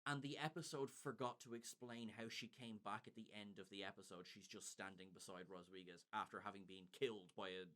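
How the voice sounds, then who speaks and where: A man's voice: lowish voice, steady tone, a little fast, few pauses, pushed and bright. A man co-hosting a podcast, recapping an episode in casual chat with wry, sardonic asides. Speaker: podcast co-host.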